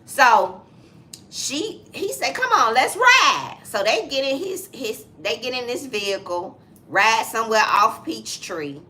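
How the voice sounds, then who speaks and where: A woman's voice: fairly high pitch, measured pace. A woman in her forties with a Southern US accent, co-hosting a casual chat show and animatedly retelling a story. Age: 40s. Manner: animated retelling, acting out voices. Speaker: co-host.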